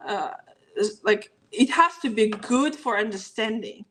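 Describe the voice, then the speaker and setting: A woman guest on an interview, her first language Russian. She talks at a middle pitch in a loose, casual way, scattering "like" and restarting her sentences as she thinks aloud. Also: animated, measured pace, fairly bright tone, rough recording. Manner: casual, filler-heavy with frequent "like". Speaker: guest, startup growth expert. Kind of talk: conversational interview.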